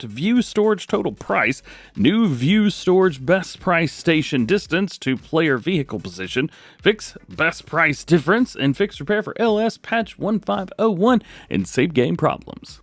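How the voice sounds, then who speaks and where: A male gaming host reads through game mod changelogs. His voice sits fairly high and swings all over the place as he adds wry little comments. The sound is dry and close. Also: no echo. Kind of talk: mod update rundown.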